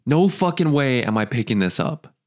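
A male podcast host in casual chat, joking and swearing, laughing often and filling pauses with ums. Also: medium pitch, lively intonation, a little mellow.

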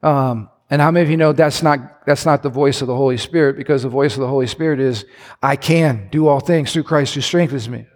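A man's voice: medium pitch, a little fast, a little mellow. Man preaching in a reverberant hall. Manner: conversational preaching with asides and restarts. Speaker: pastor. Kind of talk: sermon. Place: church sanctuary.

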